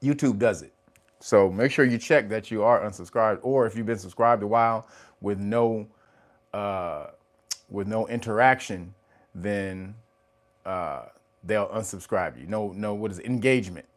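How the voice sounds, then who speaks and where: A man hosting a casual livestream, greeting viewers by name, laughing often and swearing casually. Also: a little slow. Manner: rises to a high, loud laughing voice when teasing. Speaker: livestream host.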